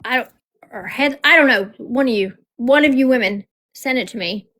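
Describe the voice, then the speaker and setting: A woman's voice: fairly high pitch, moderate pace, a bit bright. A woman hosting a livestream, chatting casually and bluntly, swearing freely and telling stories with animation. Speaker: livestream host. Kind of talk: casual chat.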